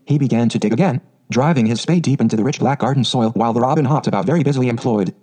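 A man reading a storybook aloud in a steady, even narrating voice. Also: medium pitch, rapid-fire, husky. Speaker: audiobook narrator.

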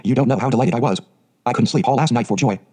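Dreamy, gushing orphan girl of eleven, read by a man. Quick, husky audiobook delivery. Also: mid-range voice, warm tone, natural voice. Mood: eager. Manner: dreamy, gushing, dramatic phrasing.

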